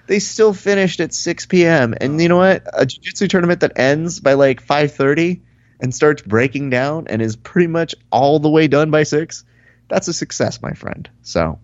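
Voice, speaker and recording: A man co-hosting a casual podcast, telling animated stories, swearing and acting out what people said. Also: on the high side, normal speed, no room sound, muffled recording. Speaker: podcast co-host.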